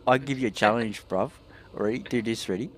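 Man playing drunk Aussie larrikin, loud, slurring, swearing nonstop, mid voice. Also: mid-range voice, fairly quick, slight background noise, lightly acted. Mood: pushy. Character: drunk rowdy Australian man on community service.

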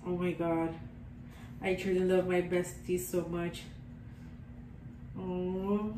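A woman's voice: mid-range voice, a little mellow, echoey room, recorded from a distance, slight background noise, low-quality recording. A young woman, gushing sentimentally as she talks to camera in a casual vlog. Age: young adult. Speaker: vlogger.

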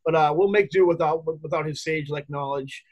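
A man's voice: fairly high pitch, fairly quick, low-quality recording. A man co-hosting a casual comics review show, rambling and chatty with frequent laughs. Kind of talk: casual podcast chat.

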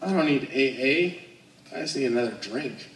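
A young comedian from Alaska, United States, is on stage for the first time, nervous and self-deprecating as he tells crude jokes. His voice is medium-pitched and expressive at a normal speed. A little hiss or hum comes through, and he sounds far away in an echoey room.

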